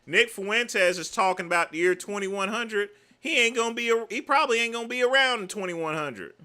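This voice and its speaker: A man hosting a livestream, reacting to clips with emphatic, mocking repetition and sudden bursts of shouting. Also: sits high, brisk. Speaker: livestream host. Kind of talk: live reaction commentary.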